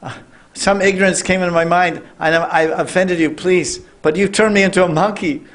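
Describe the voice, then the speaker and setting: A man's voice: high voice, steady tone, a little fast, fairly bright tone, pitched above the performer's own voice. A man voicing a young female servant who begs for forgiveness in an apologetic plea. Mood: pleading. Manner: begging, apologetic. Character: pleading young woman servant cursed into a monkey.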